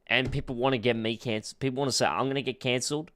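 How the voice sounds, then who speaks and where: A young man streaming, reacting to clips with casual commentary that swings from muttered asides to shouted, swearing outbursts. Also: medium pitch, fairly even intonation, rapid-fire, smooth, dry recording, clean studio sound.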